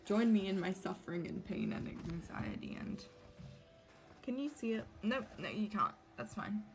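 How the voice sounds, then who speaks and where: A woman's voice: mid-range voice, lively intonation, moderate pace, faint music behind. A young woman, livestreaming as she crafts a cosplay mask, chatting anxiously and rambling to her viewers. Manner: anxious, rambling, talks to chat while drawing. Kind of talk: casual livestream chat while crafting.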